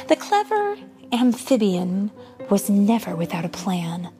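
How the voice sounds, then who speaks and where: Slow, chatty woman reading a storybook. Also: mid-range voice, big pitch swings, warm tone, faint music behind. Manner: chatty, explaining to children. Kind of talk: picture-book read-aloud with asides.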